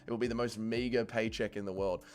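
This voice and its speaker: A man's voice: fairly low pitch, fairly even intonation, quick pace, darkish tone, clean tone. A young man hosting a fight watch-along livestream, reading chat aloud and chatting casually with blunt, profane banter.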